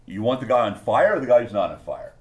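A man narrating a tabletop game as game master, animated, with spoken sound effects. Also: medium pitch, fast. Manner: animated, laughing often, sound effects like "blam".

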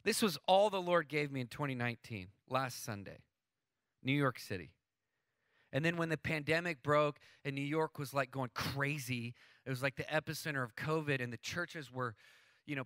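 A man in his thirties preaching a sermon in a church, casual and excitable, with slangy asides, restarts and sudden bursts of emphasis. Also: on the high side, no room sound. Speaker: worship leader preaching.

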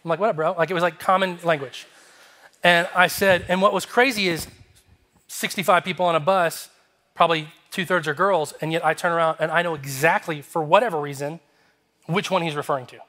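Bright-voiced man telling a sermon story. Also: fairly high pitch, brisk. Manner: animated, humorous, acts out dialogue. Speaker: pastor.

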